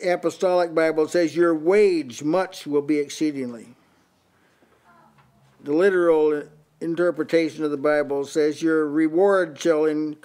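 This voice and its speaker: A man's voice: a little high, a little mellow. An older man preaching in a small house church, often restarting his words and reading out Bible passages in several translations. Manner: repeats words as he restarts, reads and compares many translations. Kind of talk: sermon.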